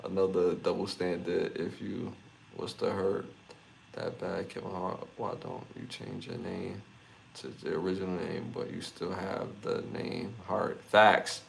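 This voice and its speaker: A man's voice: sits low, little pitch movement, a little slow, vocal fry, a little hiss or hum. A young man from New hosting a live podcast, chatting loosely and laughing a lot as he reads comments. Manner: laughs often, loose slangy banter. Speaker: podcast host. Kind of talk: casual live-stream chat reading comments.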